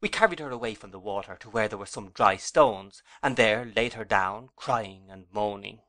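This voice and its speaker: A man narrating an audiobook with a measured, dramatic reading. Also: on the low side, a bit bright. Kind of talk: scripted narration.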